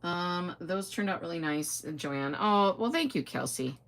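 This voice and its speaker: A woman's voice: lowish voice, animated, unhurried, creaky, a bit bright. A middle-aged woman chatting casually on a home crafting livestream, telling stories, reading comments aloud and laughing often.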